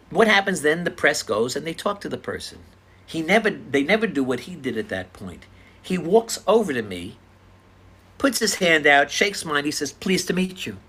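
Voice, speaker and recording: A man's voice: on the high side, husky. Older man telling personal stories. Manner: earnest, animated retelling of encounters. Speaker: speaker sharing personal stories. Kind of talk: casual personal storytelling.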